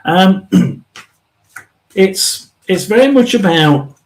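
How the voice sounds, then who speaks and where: A man's voice: high-pitched, animated, low-quality recording. Chatty man reading tarot. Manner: rambling, restarts often, clears throat; chatty and emphatic, drawn-out stresses. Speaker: tarot reader and live stream host. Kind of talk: live stream tarot reading.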